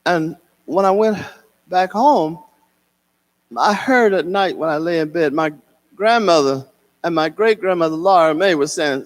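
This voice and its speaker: An older man, an author and singer, telling a childhood story at a live reading in an expressive, sing-song way. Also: on the high side, unhurried. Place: concert hall at a public reading.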